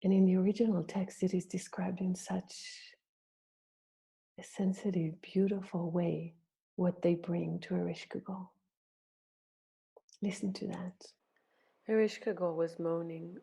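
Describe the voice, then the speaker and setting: A woman telling a myth in a gentle, reflective storytelling talk to her group. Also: lowish voice, fairly even intonation, creaky. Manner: gentle, reflective, slow-paced. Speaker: birth story practitioner.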